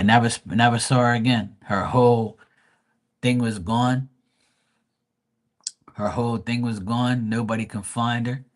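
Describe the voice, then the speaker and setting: A man hosting a live stream, telling rambling stories and ranting bluntly with a lot of swearing. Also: on the low side. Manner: profane, blunt, rambling storytelling. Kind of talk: casual ranting chat.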